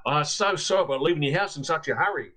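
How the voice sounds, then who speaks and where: A man's voice: on the high side, lively intonation, fast talker, bright, forceful tone. A man voicing a chatty Australian family man calling on the phone, in a story he tells. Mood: breezy.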